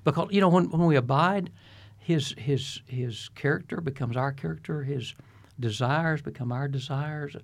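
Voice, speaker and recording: A man's voice: fairly high pitch, normal speed, gravelly. An older man, a retired pastor, talking earnestly in a preacherly way as an interview guest. He often repeats his first words before finishing a thought. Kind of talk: reflective interview talk.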